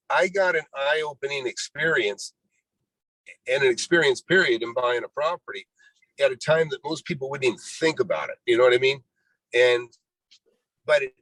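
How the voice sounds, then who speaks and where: A man's voice: mid-range voice, fairly bright tone, no echo, rough recording. A man in his sixties, a real estate investor guest, telling his life story in a rambling way, often saying "you know" and acting out what people said. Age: 60s. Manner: rambling, full of "you know", acts out quoted dialogue. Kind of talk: storytelling interview.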